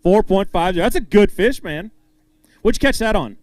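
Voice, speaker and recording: Upbeat guy emceeing a bass weigh-in, high voice, dry sound. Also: animated, moderate pace, darkish tone, dry recording. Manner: upbeat, hypes each angler and jokes with them. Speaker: tournament emcee. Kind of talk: live weigh-in announcing.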